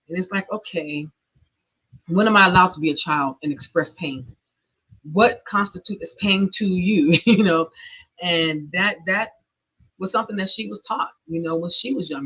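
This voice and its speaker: A woman's voice: fairly low pitch, moderate pace, bright, forceful tone, husky. A middle-aged woman hosting a podcast, telling a personal story in an earnest, emotional way with nervous laughs, on a dull lo-fi recording. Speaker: podcast host. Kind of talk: personal monologue.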